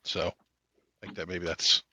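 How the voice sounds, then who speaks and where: A man's voice: sits low, flat delivery, normal speed, sharp tone, no echo. A man playing in a tabletop game stream, chatting casually with laid-back dry wisecracks. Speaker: player.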